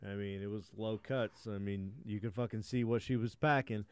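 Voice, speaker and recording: A man's voice: fairly low pitch, fairly even intonation, moderate pace, a little mellow, smooth. A man hosting a podcast, retelling a fairy tale with crude, profane asides. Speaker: podcast host, storyteller.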